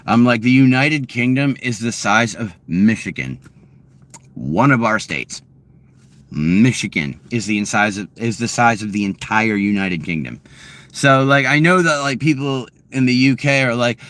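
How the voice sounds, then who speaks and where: A man's voice: medium pitch, measured pace, a bit bright, dry recording. Crude, rambling guy. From Massachusetts. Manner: crude, rambling, laughing, swearing. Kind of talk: casual chat to viewers.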